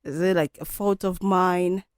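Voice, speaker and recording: A woman's voice: fairly low pitch, steady tone, unhurried, clear, resonant tone, no room sound, studio quality. A woman hosting a solo podcast, talking in a candid, reflective, conversational way. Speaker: podcast host.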